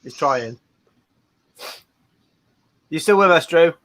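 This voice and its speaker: A man's voice: a little high, expressive, slow pace, fairly bright tone, a little hiss or hum. A man hosting a live stream, chattily reading out viewer messages and laughing often. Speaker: host.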